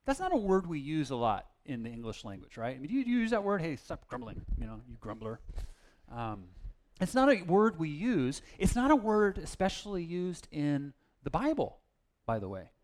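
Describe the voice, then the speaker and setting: A man's voice: fairly high pitch, wildly swooping pitch, normal speed, a little mellow. A man preaching a casual, self-deprecating sermon, with plenty of fillers and restarts. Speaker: pastor.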